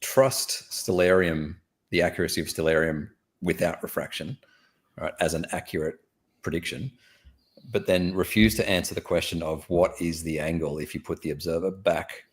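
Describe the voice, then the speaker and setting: A man's voice: low voice, fairly even intonation, moderate pace. An Australian man, a parent, talking on a casual online chat call and explaining measurements step by step through fillers and restarts. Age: adult with a daughter. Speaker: guest on live online chat.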